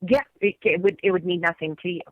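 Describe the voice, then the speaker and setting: A woman's voice: on the low side, fairly even intonation, fast, no echo, phone-quality sound. A middle-aged woman, co-hosting a podcast in casual chat, enthusiastic and laughing easily. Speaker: podcast co-host.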